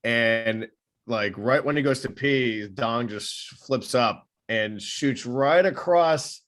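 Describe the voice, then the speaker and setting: A man, a physical therapist co-hosting a podcast, telling a story in a relaxed, chatty way. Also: mid-range voice, takes it slowly. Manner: relaxed, chatty, checks in with "right?". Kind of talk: casual podcast chat.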